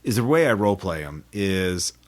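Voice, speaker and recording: A low-pitched young man talks in a loose, rambling way as a podcast co-host. He keeps nodding along with his partner, filling the gaps with casual agreement. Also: animated, normal speed. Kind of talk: casual chat about role-playing games.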